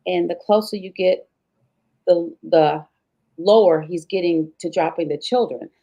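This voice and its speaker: A woman with a low, gravelly voice recounts her own hard story as an interview guest. She tells it vividly, slipping into the voices of the people involved. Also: measured pace, dark tone. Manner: vivid retelling, acting out dialogue. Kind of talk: emotional personal storytelling.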